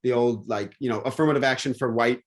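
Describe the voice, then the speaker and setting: A man in casual conversation, rambling and animated, with many restarts and fillers. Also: mid-range voice, fast talker.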